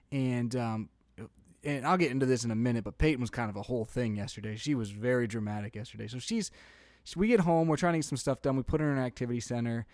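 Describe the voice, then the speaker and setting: Casting note: young male podcast co-host, lively storyteller, dry close sound. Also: medium pitch, no echo. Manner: animated storytelling, laughs often. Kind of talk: casual chat.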